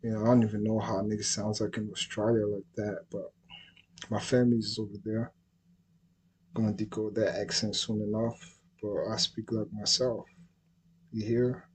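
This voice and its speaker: A man's voice: lowish voice, flat delivery, normal speed, pauses often, breathy edge, poor audio. A man hosting his own livestream, talking in a laid-back, slangy way and often checking that listeners follow him. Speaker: livestream host. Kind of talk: casual livestream chat.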